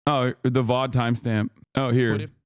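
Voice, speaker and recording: A man's voice: medium pitch, flat delivery, moderate pace, smooth, dry recording, clean studio sound. A man streaming live, reacting to clips with sarcastic, mock-outraged asides and rambling restarts. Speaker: political streamer.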